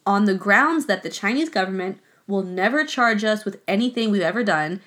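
A woman's voice: mid-range voice, lively intonation, moderate pace, a bit bright, close to an everyday voice. Woman playing a brash, swearing pirate captain. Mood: weary, demanding. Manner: blunt and profane.

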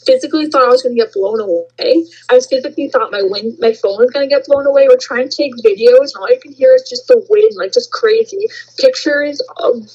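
A young woman with a high, breathy voice rambles excitedly through her story. The recording sounds dull and lo-fi. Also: brisk. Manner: excitable, rambling, says "like" a lot. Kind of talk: casual chat.

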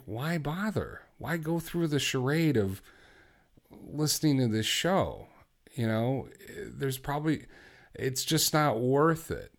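A man hosting a solo podcast, talking bluntly and exhorting his listeners, moving from quiet reflection to fervent conviction. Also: medium pitch. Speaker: podcast host. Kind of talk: impassioned solo podcast talk.

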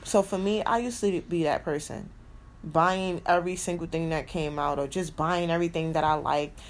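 A woman with a low voice speaks at normal speed, hosting a podcast as a casual motivational monologue. She's an adult with a son, and she talks emphatically, repeats her key phrases and swears freely.

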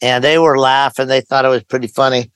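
An older man from Idaho, a pastor, calmly recounting a story as a guest on an interview podcast, with quoted dialogue woven in. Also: mid-range voice, brisk, smooth, no room sound, poor audio. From Idaho, USA.

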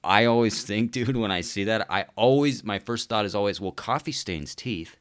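Deep-voiced man on a profane rant. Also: moderate pace, few pauses, smooth. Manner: profane, rambling, says "dude" constantly. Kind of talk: casual comedic rant.

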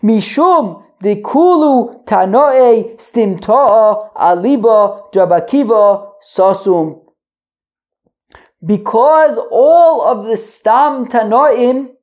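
A woman's voice: on the high side, a little mellow. Woman teaching Talmud, thinking aloud. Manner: thinks aloud, restarts sentences, asks listeners questions. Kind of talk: casual Talmud lesson. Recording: dull lo-fi audio.

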